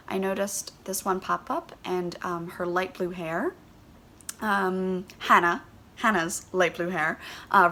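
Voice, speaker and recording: A woman's voice: fairly low pitch, creaky, fairly bright tone, slight background noise. A woman with a Philadelphia accent hosting a knitting vlog, chatting casually and gushing, rambling with lots of "um"s. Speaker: knitting podcast host.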